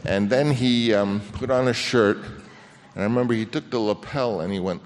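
An older man, a film director, telling an anecdote on stage in a halting way with many restarts, acting out the voices he quotes. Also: lowish voice, steady tone. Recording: long reverb of a hall.

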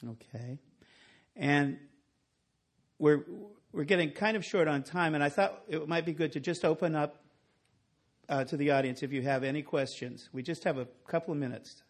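A man's voice: fairly high pitch, moderate pace. A man moderating a talk, keeping things moving and opening up to audience questions. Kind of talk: hosting a talk.

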